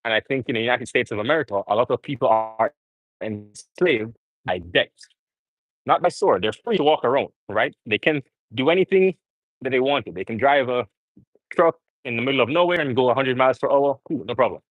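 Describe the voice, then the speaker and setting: A man's voice: mid-range voice, animated, quick pace, no echo, phone-quality sound. A young man rambling earnestly to viewers as he livestreams during a gym workout. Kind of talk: casual live-stream chat.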